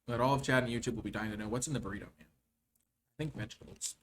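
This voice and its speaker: Excitable male game streamer. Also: quick pace, slight background noise. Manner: mostly low-key and mumbled, bursting into loud theatrical cheers; playful, jokey asides. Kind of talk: live game-stream commentary.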